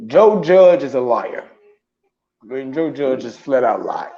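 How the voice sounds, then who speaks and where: A man's voice: mid-range voice, expressive, measured pace, dark tone, lo-fi sound. A man co-hosting a casual sports talk show, rambling through his points with frequent laughs and restarts. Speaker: morning show co-host.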